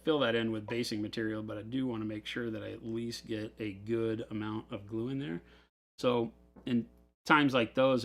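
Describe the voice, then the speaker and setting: A man hosting a hobby store livestream, chatting and rambling through stories while he builds models in his office. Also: mid-range voice. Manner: chatty, rambling storyteller who laughs often. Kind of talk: casual live chat while building models.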